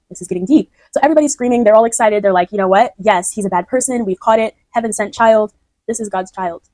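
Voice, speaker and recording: A woman's voice: mid-range voice, fast talker, darkish tone, no echo, low-quality recording. A woman explaining her own poem in a chatty way, often restarting and checking that the listener follows. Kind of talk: casual spoken explanation.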